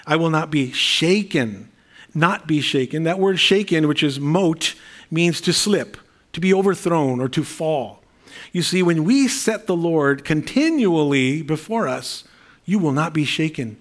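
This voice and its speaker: A man's voice: a little high, lively intonation, unhurried. A middle-aged male pastor preaching a sermon in an earnest, conversational way, with fillers and repeated phrases.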